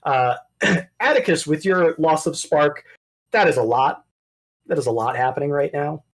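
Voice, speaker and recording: A man narrating a tabletop game as game master, animated and rambling. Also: a little high, moderate pace. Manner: animated, rambling, self-correcting.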